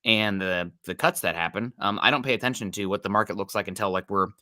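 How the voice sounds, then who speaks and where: A man with a low, bright, forceful voice co-hosts a live sports chat. He greets viewers by name and reads their comments in an easygoing manner. The sound is dry and close. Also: fast talker, no echo. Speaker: podcast co-host.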